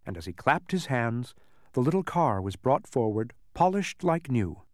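A man narrating a children's storybook with a very lively, rising and falling voice. The recording is close and dry, and he reads it with plain enjoyment. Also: medium pitch, moderate pace, no room sound. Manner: expressive reading aloud.

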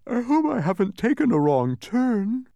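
A man's voice: very high-pitched, very animated, moderate pace, creaky, dark tone, no echo, dull audio, pitched above the performer's own voice, full character voice. A man voicing a puzzled, earnest young boy who has lost his way in a storybook.

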